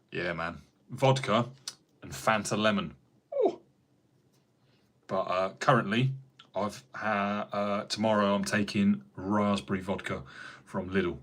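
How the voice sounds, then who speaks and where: A man's voice: lowish voice, fairly bright tone. A man with an English accent, rambling in casual livestream chat as a carpenter answering viewer comments. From England. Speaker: carpenter streaming live.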